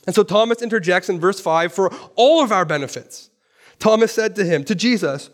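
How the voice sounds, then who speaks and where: A man preaching a sermon in a church, animated, asking rhetorical questions and repeating phrases for emphasis. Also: high voice, a little fast. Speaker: pastor.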